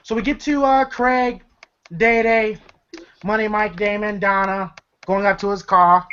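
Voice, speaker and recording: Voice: mid-range voice, fairly even intonation, measured pace, a bit bright, clear, resonant tone. A movie reviewer in a rambling, casual chat who retells scenes with laughter and loose fillers, on a dull lo-fi recording.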